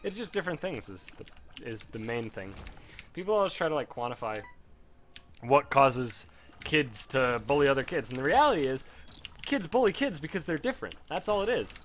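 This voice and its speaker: A man's voice: a little high, expressive, normal speed, fairly bright tone, slight background noise. A young man with a Chicago accent rambling and swearing through casual gameplay commentary. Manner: rambling, profane, frequent fillers. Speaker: let's play host.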